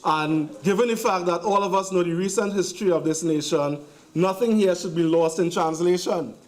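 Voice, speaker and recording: A man's voice: sits high, moderate pace. A man with a Trinidadian accent giving a sarcastic, emphatic speech in a parliamentary debate, hammering points through repetition. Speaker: member of parliament. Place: parliament chamber.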